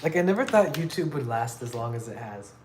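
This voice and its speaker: A man chatting casually on a live stream while he builds art pieces, rambling in a relaxed way with lots of fillers. He talks into a phone in an indoor workspace. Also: mid-range voice, brisk, background noise. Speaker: livestreaming artist.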